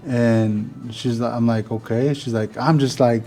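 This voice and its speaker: A vlogger addresses his audience in a casual, rambling way, peppering the story with "like" and "you know" and getting animated whenever he retells a moment. His voice sits at medium pitch and moves a little slowly, with soft music playing behind him.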